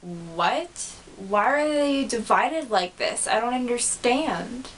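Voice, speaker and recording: A woman's voice: a little high, expressive, slow, fairly bright tone, slight background noise. A woman voicing a flustered, bookish female pony princess who is new to being human. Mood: confused.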